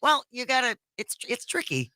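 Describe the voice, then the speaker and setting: A woman's voice: fairly high pitch, sing-song, normal speed, pushed and bright, no room sound. A woman co-hosting a radio talk show, confidently explaining and demonstrating something to her colleagues. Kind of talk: casual studio banter.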